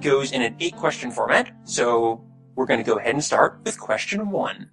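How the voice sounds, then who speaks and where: A man's voice: mid-range voice, expressive, normal speed, gravelly, a bit bright, faint music behind. A man from Texas hosting a casual podcast chat in an upbeat way, with fillers and laughs. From Houston, Texas. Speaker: podcast host.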